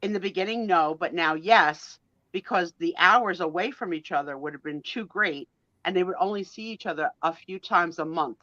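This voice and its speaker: A woman with a bright, forceful voice that sits a little low, telling stories animatedly in a live online chat. She laughs easily and acts out quotes. The sound is dull and dry, like lo-fi stream audio. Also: normal speed, dry recording. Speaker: guest co-host of a live sale chat.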